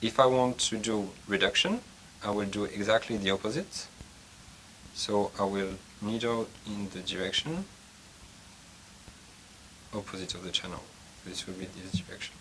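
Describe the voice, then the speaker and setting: A man explains acupuncture technique in a calm, methodical way, pausing now and then to find his words. His voice sits a little low, and a faint hum of room ambience runs underneath. The delivery is that of a clinical teaching demonstration. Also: low-quality recording. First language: French. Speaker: acupuncture lecturer.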